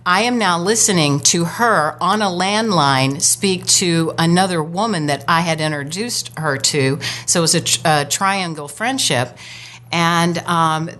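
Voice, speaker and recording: A woman chatting as guest co-host, telling a personal story with lively, acted-out quotes and spiritual talk. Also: on the low side. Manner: animated storyteller, acts out quoted voices. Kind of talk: casual spiritual chat.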